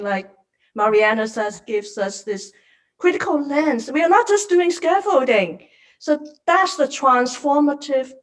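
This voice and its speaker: A high-pitched woman joins an online seminar discussion as an academic panelist. She speaks earnestly and with open emotion, over a video call. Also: low-quality recording.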